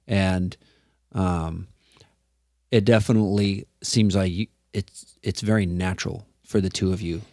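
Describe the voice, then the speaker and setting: A man's voice: sits low, steady tone, measured pace, dry recording, studio quality. A man co-hosting a podcast interview, talking casually and affirmingly, with many fillers. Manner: warm, affirming, filler-heavy. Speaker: podcast co-host.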